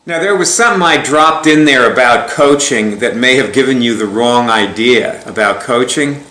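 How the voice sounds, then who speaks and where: A man tells a story in a casual, rambling way, with a bright, forceful tone. He chuckles often and restarts his sentences as he goes. The sound rings in a roomy, echoey space. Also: medium pitch, moderate pace, slight background noise. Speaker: speaker recounting a client story. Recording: echoey room.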